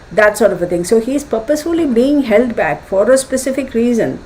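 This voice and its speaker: A woman's voice: fairly high pitch, expressive, fairly quick, a little mellow, slight background noise, rough recording. A woman doing a casual tarot reading, chatty and thinking aloud with fillers and acted asides. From United States. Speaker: tarot reader.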